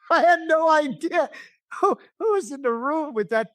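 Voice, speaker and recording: A man's voice: extremely high pitch, lively intonation, a little slow, fairly bright tone, no echo. Male guest spinning an anecdote, slipping into others' voices; dry studio sound. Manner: acts out quoted voices while telling a story. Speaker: interview guest. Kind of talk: animated storytelling in an interview.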